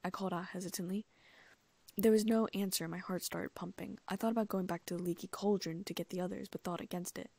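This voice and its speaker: A woman narrating a first-person fan fiction audiobook in a lively, amused way, close to the mic. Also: lowish voice, fast, creaky, no echo.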